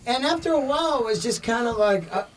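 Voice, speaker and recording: A man's voice: very high voice, expressive, quick pace, recorded from a distance, low-quality recording. A man hosting a casual music interview, laid-back, laughing often and swearing casually. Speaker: podcast host.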